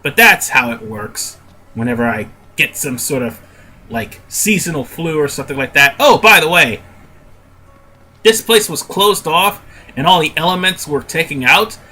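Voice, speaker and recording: A man's voice: a little high, lively intonation, normal speed, bright, forceful tone, slightly rough. A man with a stuffy nose giving casual gameplay commentary as a let's play host. He rambles and often stops to correct himself.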